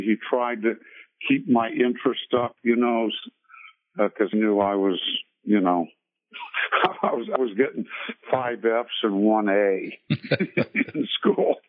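Older man on a tinny phone line. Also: lowish voice. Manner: rambling, many fillers and restarts. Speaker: singer being interviewed. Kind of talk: storytelling interview.

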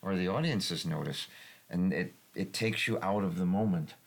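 A man from New England who acts in community theater, talking in a reflective, halting way with frequent restarts in a casual panel discussion. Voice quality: gravelly, husky low voice.

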